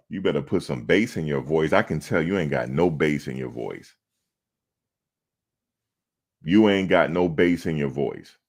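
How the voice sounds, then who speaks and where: A man hosting a sports show, casually chatting and teasing live-chat viewers, mocking and repeating himself for laughs. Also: low voice.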